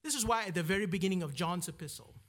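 A man's voice: high voice, very fast, a bit bright. A man preaching a sermon, often asking his listeners "right?" and repeating words as he searches for the next phrase.

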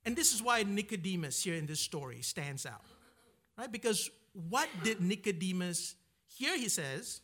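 A man with a high, bright voice teaches a Bible passage in an informal sermon. He keeps asking "right?" and circles back with frequent restarts and repeated words. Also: expressive, moderate pace.

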